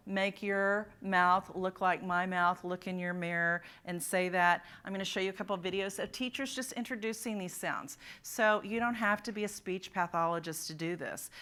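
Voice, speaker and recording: A woman's voice: on the low side, pushed and bright, clean tone. A woman presenting at a literacy conference, demonstrating speech sounds and asking the audience to join in. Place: conference room.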